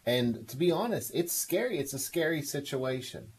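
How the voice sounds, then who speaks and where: A man's voice: a little high, animated, normal speed, slight background noise. A man hosting a call-in show on emotional well-being, coaxing a caller with encouragement and frequent laughter. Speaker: radio show host. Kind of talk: call-in counseling talk.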